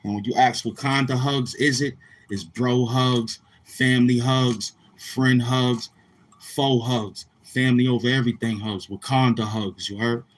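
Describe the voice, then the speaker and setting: A man's voice: mid-range voice, steady tone, a little slow. A man with a Brooklyn accent hosting a casual stream, chatting in slang and rapping bars. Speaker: YouTube host. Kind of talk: live-stream freestyle and chat.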